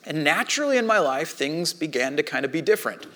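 A man's voice: on the high side, very animated, fast, pushed and bright. A middle-aged man preaching a sermon as pastor, in a conversational storytelling manner that acts out the quoted dialogue.

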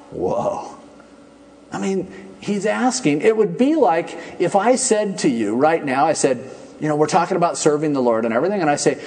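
A man preaching a sermon in a conversational, animated storytelling manner. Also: a little high, moderate pace. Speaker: pastor.

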